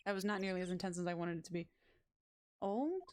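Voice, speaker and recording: A woman's voice: on the low side, level tone, racing, darkish tone, clean tone. A woman streaming a game, chatting in self-mocking asides between reading lines. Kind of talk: casual let's-play commentary.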